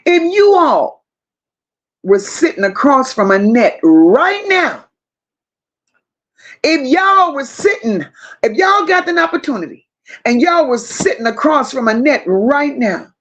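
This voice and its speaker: Woman host, high voice, slow deliberate delivery, dramatic and slangy as she reads comments aloud. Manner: animated, dramatic, slangy and emphatic. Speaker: livestream host. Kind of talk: casual live chat reading comments.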